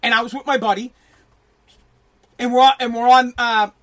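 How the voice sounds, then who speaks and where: A middle-aged man ranting in a brash, profane, emphatic way, now and then bursting into shouts. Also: extremely high pitch, fairly even intonation, normal speed. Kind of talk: ranting monologue.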